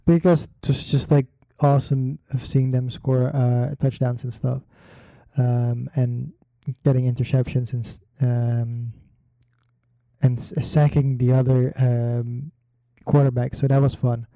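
Slow, mellow man rambling casually. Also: mid-range voice, creaky, dry recording. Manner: rambling, many fillers and pauses; slow, relaxed delivery. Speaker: podcast host. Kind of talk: casual solo talk.

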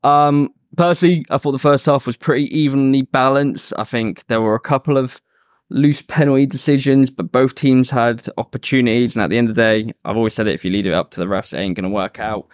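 A man hosts a relaxed football podcast with a smooth, resonant voice. He talks laid-back and casual, with the odd swear word. The sound is close and dry. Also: mid-range voice, brisk, no echo. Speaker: podcast host.

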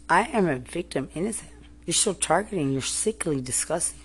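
A woman in an angry personal rant, furious and accusing, repeating herself, cursing and often yelling. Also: low voice, animated, fairly quick, slightly rough.

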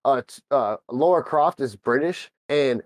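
A man's voice: medium pitch, expressive, measured pace, noisy background. A man co-hosting a podcast, rambling in casual talk full of fillers and swearing. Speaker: podcast co-host. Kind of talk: casual crude banter.

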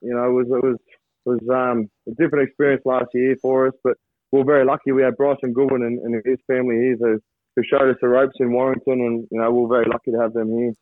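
Aussie bloke on a tinny phone call, dry and close, stop-start casual chat. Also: male voice, medium pitch, level tone, no room sound. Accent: Australian. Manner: halting, many restarts and fillers. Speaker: rugby league player, guest. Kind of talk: casual interview over a call. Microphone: phone or video call from abroad. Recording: thin phone line, dry.

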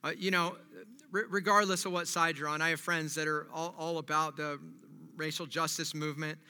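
A man preaching a sermon as pastor, moving between quiet reflection and loud animated preaching. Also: a little high, moderate pace, clean tone. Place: church. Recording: long reverb of a large hall.

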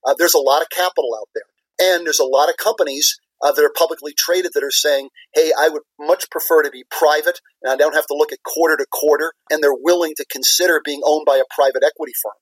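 A man's voice: a little high, steady tone, fast, husky, dry recording, poor audio. A man, a business leader and former CFO, answering interview questions in an earnest, explanatory way, repeating key words for emphasis.

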